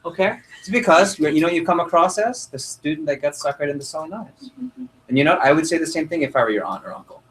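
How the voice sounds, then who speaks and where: A man's voice: a little high, fast, rough recording. A man leading a sales training session for a group, asking the audience questions and acting out lines to customers. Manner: animated, role-plays customer lines, asks audience questions.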